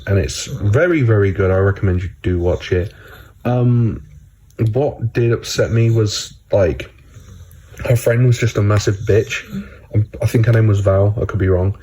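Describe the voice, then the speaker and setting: A man's voice: fairly low pitch, warm tone, low-quality recording. A man casually recapping a TV episode for his channel, rambling with lots of filler words and swearing.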